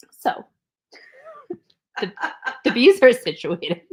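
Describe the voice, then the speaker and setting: A woman co-hosting a podcast, telling a story in a casual, animated way, laughing often and acting out what people said. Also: sits low, measured pace, pauses often. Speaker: podcast co-host.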